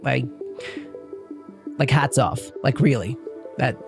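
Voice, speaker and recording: A man's voice: mid-range voice, takes it slowly, vocal fry, over music. A young man giving a casual English lesson, talking loosely with lots of fillers and the odd swear word. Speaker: English teacher.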